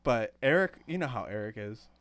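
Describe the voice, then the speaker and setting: A man co-hosting a casual podcast chat, telling driving stories in an animated way and swearing freely. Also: mid-range voice, fairly quick. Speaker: podcast co-host.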